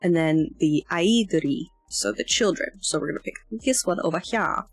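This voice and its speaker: A woman's voice: lowish voice, animated, quick pace, faint music behind. A woman talking through a language lesson, rambling and hesitant, poking fun at herself as she goes. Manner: rambling, hesitant, self-deprecating. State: yawning, tired. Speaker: language learner streamer. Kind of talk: casual lesson walkthrough.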